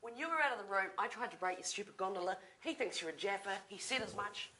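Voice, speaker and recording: An actress with a New Zealand accent playing a blunt, sarcastic focus-group member. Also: female voice, fairly low pitch, lively intonation, brisk, a bit bright, far from the mic, slight background noise. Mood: exasperated. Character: blunt, exasperated young woman in a focus group.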